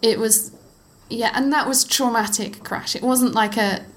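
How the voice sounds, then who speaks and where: Animated middle-aged woman telling stories. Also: on the high side, a little slow, a little hiss or hum. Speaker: interview guest, former cyclocross racer. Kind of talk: casual conversational storytelling.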